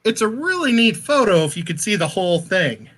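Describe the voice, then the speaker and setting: A male livestream guest with a bright, forward voice that sits a little high for a man. He talks in a chatty, giggly, scattered way in a casual livestream. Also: very animated, a little fast.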